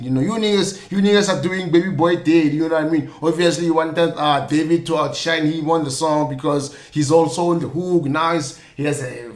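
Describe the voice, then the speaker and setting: A man's voice: fairly high pitch, brisk, few pauses, roomy sound. A young South African man hosting a podcast, talking loosely and casually with lots of fillers and jokey asides. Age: young adult. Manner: loose and chatty, many fillers like "you know what I mean", jokey asides. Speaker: podcast host. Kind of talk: casual solo commentary.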